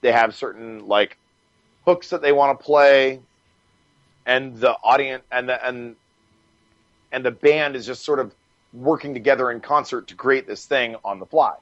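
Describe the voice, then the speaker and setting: Animated, swearing man telling a story. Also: mid-range voice, unhurried, long pauses, dry recording, lo-fi sound. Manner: animated, swears freely, laughs while telling stories. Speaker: podcast guest. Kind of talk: casual storytelling.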